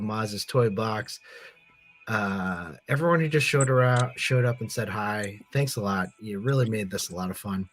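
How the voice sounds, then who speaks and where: A man hosting a casual toy podcast livestream, easygoing and quick to laugh as he thanks his viewers. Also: on the low side, fairly bright tone. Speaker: podcast host.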